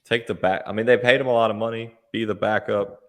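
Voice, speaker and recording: A man hosts a casual sports podcast, joking and teasing his co-hosts. His voice sits somewhat low. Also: steady tone, fast talker.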